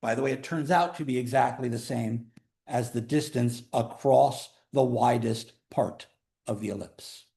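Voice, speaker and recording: A man teaching a calculus class, explaining in a chatty way with joking asides, sometimes drawing words out and sometimes rushing. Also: medium pitch, gravelly, warm tone. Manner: pace swings between slow emphasis and quick runs. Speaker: math instructor. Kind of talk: classroom lecture.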